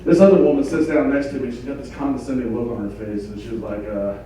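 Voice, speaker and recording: A middle-aged man doing a stand-up comedy set in a club, delivering crude jokes in a deadpan way. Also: mid-range voice, fast talker. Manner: crude deadpan one-liners. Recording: echoey club from far off, crowd laughter. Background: audience laughing.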